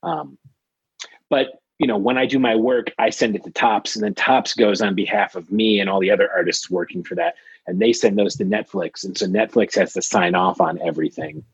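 Guy guesting on a podcast, low husky voice, lots of ums and restarts, kinda muffled. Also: lively intonation, fairly quick, dry recording. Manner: rambling, many fillers and restarts. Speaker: guest, trading card artist. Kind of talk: casual podcast interview.

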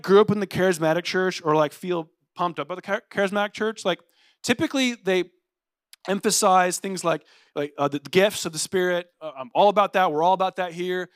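A young adult male pastor preaching a sermon in a casual, energetic way, saying "like" often. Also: on the high side, no room sound, clean studio sound. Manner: animated and playful.

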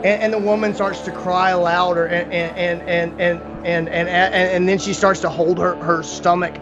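Southern guy running a d&d game, high voice, lots of ums and restarts, faint music behind. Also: little pitch movement, dull audio. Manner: halting, filler-heavy storytelling. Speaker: dungeon master. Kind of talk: narrating a tabletop game.

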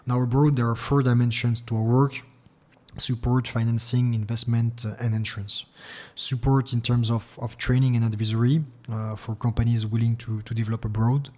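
A middle-aged man with a French accent answers interview questions as a bank executive. He speaks in a formal, measured way, with a flat and even pitch and frequent fillers and restarts. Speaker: regional head at a public investment bank. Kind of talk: business interview.

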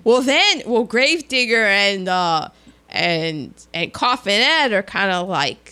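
Slow-talking bright-voiced woman telling a story. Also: medium pitch. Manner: animated storytelling, acts out quoted lines, laughs often. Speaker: co-host recapping a film. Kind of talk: casual chat.

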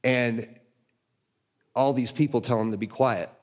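A man's voice: medium pitch, steady tone, measured pace. A man as guest teacher giving a conversational sermon, retelling a story and voicing its people.

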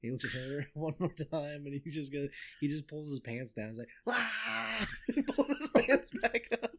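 A man's voice: a little high, animated, normal speed, noisy background. Joking guy teasing his brothers, laughs a lot, voice jumps all over. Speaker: podcast co-host. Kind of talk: casual chat.

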